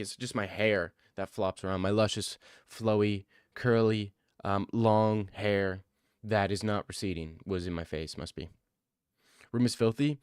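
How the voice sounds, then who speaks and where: A man's voice: on the low side, clear, resonant tone, no room sound, clean studio sound. A young man streaming live, answering his chat with defensive, joking replies and a lot of "bro.". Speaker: livestreamer reading chat. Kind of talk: casual livestream chat.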